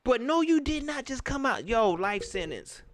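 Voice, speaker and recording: Animated ranting man. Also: extremely high pitch, moderate pace. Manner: animated, repetitive ranting in casual slang. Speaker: livestream host. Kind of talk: post-game sports reaction livestream.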